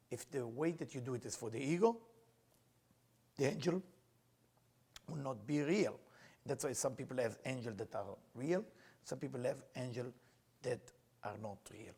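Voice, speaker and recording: Husky-voiced man teaching Kabbalah. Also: medium pitch, darkish tone. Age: middle-aged. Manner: earnest, storytelling, plain non-native phrasing. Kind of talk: teaching with personal storytelling.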